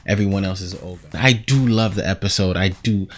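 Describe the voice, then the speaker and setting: A man giving a casual, animated TV episode recap, rambling and acting out quotes as he goes. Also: deep voice, brisk. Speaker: show reviewer.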